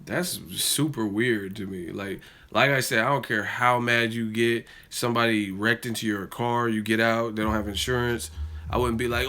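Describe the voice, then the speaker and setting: A man hosting a boxing live stream, telling stories in a loose, profane, animated way and reading out donations. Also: lowish voice, normal speed, a little hiss or hum. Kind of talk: casual livestream chat.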